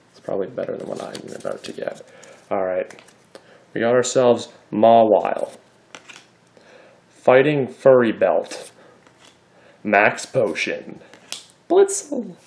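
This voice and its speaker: A man hosting a casual card-opening video, chatty and excitable as he reads out card names. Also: lowish voice, gravelly.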